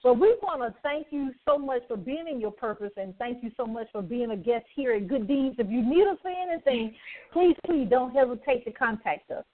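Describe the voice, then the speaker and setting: A woman's voice: on the high side, moderate pace. A woman hosting a Christian radio talk show, exuberant and preachy, laughing often and calling out "amen". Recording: tinny phone-like line.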